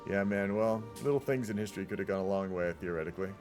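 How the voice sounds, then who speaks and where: A man's voice: lowish voice, fast talker, darkish tone, faint music behind. A man casually commentating a multiplayer strategy game on a live stream, rambling into laid-back asides and swearing often.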